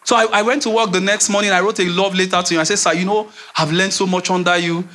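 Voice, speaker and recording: A young Nigerian man preaching a sermon as pastor, animated, repeating phrases and dropping into a low voice to act out quotes. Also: fast talker.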